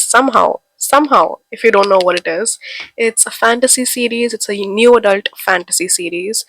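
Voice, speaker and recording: A young woman from India, stuffy with a head cold, gushes to her viewers about the books she can't wait to read. Her chatty voice sits at an ordinary pitch, and it sounds dry and close to the mic. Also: a bit bright, no room sound, low-quality recording. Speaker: book vlogger. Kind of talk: casual chat to camera.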